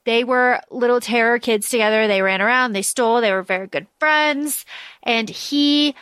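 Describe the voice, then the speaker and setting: A woman with a fairly high voice recaps a novel for her podcast in loose, chatty talk. She is blunt and swears now and then. The sound is close and dry, with no room echo. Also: normal speed, a bit bright, smooth. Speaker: podcast co-host. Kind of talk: casual book-discussion chat.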